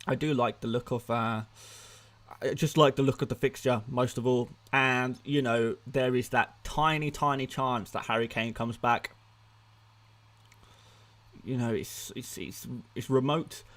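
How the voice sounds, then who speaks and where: A man's voice: medium pitch, steady tone, measured pace, fairly bright tone. A man hosting a casual live stream, thinking aloud and restarting his sentences now and then. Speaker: fantasy football streamer.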